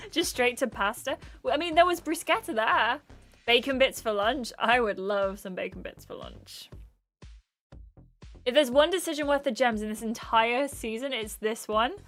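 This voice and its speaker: Brief: young female game streamer, chatty and effusive, fairly high voice, music faint underneath. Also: normal speed, a bit bright. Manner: chatty, gushing, rambling asides. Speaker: gaming streamer. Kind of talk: casual live game commentary.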